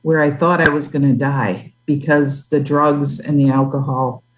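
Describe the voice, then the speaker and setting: A woman giving a personal faith testimony as a guest, earnest and halting, with restarts. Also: sits low, steady tone, poor audio. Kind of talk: testimony in an interview.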